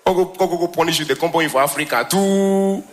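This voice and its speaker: A man with a Nigerian accent performing a stand-up comedy special on stage, animated, slipping between Pidgin and English and laughing often. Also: on the high side, fast. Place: stage before live audience.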